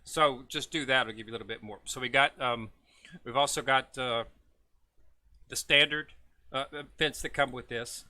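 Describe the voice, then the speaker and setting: A man with a bright, forward voice walks viewers through a game's new event in a casual, unscripted way. He rambles and fills pauses with lots of "uh" and "um," tripping over hard names. His pitch sits right in the middle for a man. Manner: relaxed, rambling, lots of filler words; stumbles over foreign names. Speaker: gaming video host. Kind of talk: casual game walkthrough.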